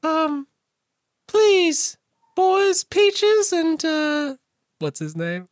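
A man voicing a young woman in a high falsetto, pleading slowly and dramatically. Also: huge pitch swings, no echo, clean studio sound, full character voice. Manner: slow, drawn-out pleading. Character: pleading young woman caught between suitors.

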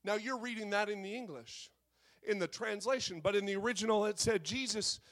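Man, sermon, unusually high voice, impassioned, shouts into near-singing, drops to hushed tones, "uh" fillers. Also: a little fast. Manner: frequent "uh" fillers. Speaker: preacher.

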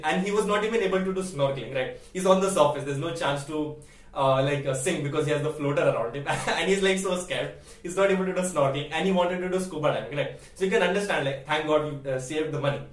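A man's voice: a little high, reverberant, far from the mic. A young man in his late teens telling a story casually as a vlogger, chatty, laughing often and asking "right?" again and again.

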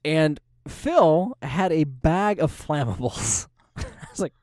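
A man co-hosting a casual podcast, his voice sitting a touch high and swinging animatedly up and down. He laughs often and swears freely, recorded dry and close. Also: very animated, moderate pace, darkish tone, dry recording. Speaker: podcast co-host. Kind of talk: casual storytelling chat.

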